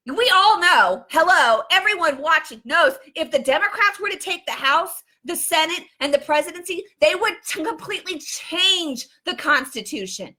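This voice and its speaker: A woman's voice: very high-pitched, expressive, normal speed, hardly any pauses, pushed and bright. A woman hosting live political commentary, talking in a fervent rant full of restarts and repeats. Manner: fervent, repetitive, many restarts.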